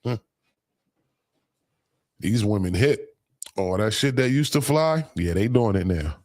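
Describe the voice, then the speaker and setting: A man's voice: mid-range voice, animated, normal speed, long pauses, dry recording. A man hosting a casual live stream, swearing freely, laughing often and reading viewer comments aloud. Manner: profane, laughs a lot, reads comments aloud. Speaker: livestream host.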